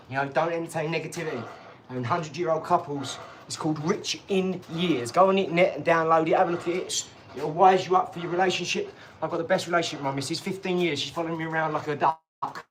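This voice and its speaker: A man's voice: a little high, slight background noise. Chatty man rambling on a live stream. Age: 40s. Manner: chatty, boastful, drifts between topics, laughs at himself. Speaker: channel host. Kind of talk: rambling live-stream chat with boxing tips.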